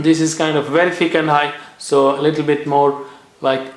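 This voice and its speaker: A man's voice: fairly high pitch, steady tone. Man drilling Arabic letter sounds. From India. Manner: repeats sounds slowly for drilling, says "okay" often. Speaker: Quran recitation teacher. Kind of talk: tajweed pronunciation lesson. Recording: echoey room.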